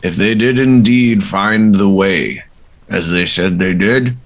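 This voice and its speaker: A man speaking as game master in a tabletop game played remotely, in a measured way. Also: on the low side. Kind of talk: narrating a tabletop game over a call.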